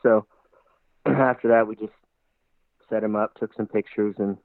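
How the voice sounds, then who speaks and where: Brief: low-voiced man, eager rambling storyteller, phone-quality dry audio. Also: a little slow, no echo. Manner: animated, rambling, heavy use of "like". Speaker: hunter guest. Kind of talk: excited storytelling in conversation. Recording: tinny phone-like line, dry.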